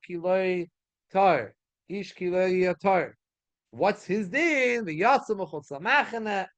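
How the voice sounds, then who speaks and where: High-voiced man giving a Torah class. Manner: animated, repeats phrases, asks rhetorical questions. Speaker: rabbi teaching a Talmud class. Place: synagogue study hall.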